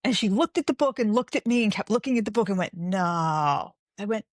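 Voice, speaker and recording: A woman in her forties, a guest author chatting in an interview, telling animated stories and acting out the dialogue. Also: medium pitch, brisk, no room sound, clean studio sound. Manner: animated storyteller, acts out quoted dialogue. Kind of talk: casual interview chat.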